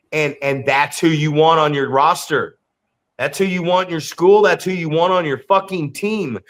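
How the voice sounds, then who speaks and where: Guy cohosting a podcast, animated storyteller, repeats himself, cusses, bit high voice. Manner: animated storytelling, repeats words, swears freely. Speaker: podcast co-host and wrestling coach. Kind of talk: casual podcast chat.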